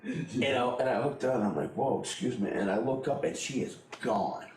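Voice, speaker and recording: A man's voice: medium pitch, expressive, moderate pace, roomy sound, slight background noise, poor audio. A middle-aged man telling a personal story in a blunt, profane way, laughing often as he goes. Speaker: interviewee.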